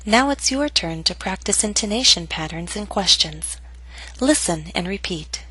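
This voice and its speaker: A woman teaching English pronunciation, reading lesson steps slowly and carefully and modeling each phrase. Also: medium pitch, animated, pushed and bright, breathy edge, poor audio. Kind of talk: slow, careful lesson narration.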